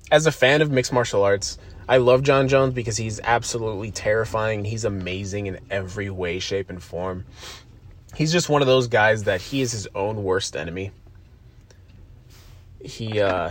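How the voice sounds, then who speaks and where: A man hosting a casual solo podcast, rambling off on tangents, swearing freely and poking fun at himself. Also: mid-range voice. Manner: rambling, profane and self-deprecating. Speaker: podcast host.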